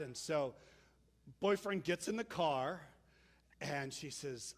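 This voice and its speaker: A man pastor giving a sermon in a conversational, animated storytelling way. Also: a little high, slow pace, long pauses.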